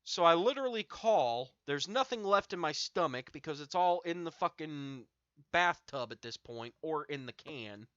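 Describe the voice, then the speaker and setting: A young man chats to his stream audience, swearing freely and piling up fillers as he drags out an anecdote over a cigarette. His voice is bright and tense, a touch high. The audio is dry and dull, like a cheap stream mic. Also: animated, normal speed, clear, resonant tone, no room sound. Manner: profane, rambling anecdote with many fillers. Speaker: streamer host. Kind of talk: casual storytelling to chat.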